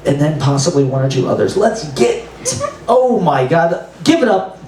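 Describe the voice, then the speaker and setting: A man hosting an open mic night, hyping up the crowd with loose, excited banter. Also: on the high side, moderate pace. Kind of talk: emcee banter. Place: bar open mic room. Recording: roomy, distant mic, noisy room.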